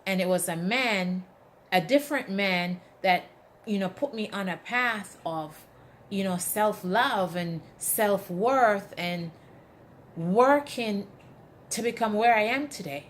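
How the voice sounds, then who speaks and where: A woman's voice: medium pitch, slow pace, a little hiss or hum. Emphatic woman giving an inspirational talk. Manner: emphatic, asks the audience "right?"; animated storytelling with acted quotes. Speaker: motivational speaker.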